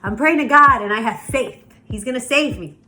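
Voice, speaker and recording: A stubborn, insistent man stranded in a flood, turning away every rescue because he is sure he will be saved, as a woman puts him on. His voice is high and bright, and he keeps repeating himself. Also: moderate pace.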